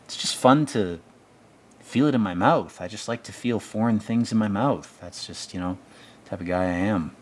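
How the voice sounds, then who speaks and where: A man's voice: on the low side, normal speed, a little hiss or hum. A man giving rambling, sardonic commentary on a TV episode, with casual profanity. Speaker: show commentator.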